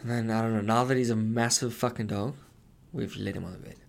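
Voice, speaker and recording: Gravelly-voiced guy chatting loose, lots of cursing and laughing. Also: lowish voice, steady tone, quick pace. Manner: swears often, laughs a lot, mimics his dog's bark. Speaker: podcast co-host. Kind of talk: casual chat.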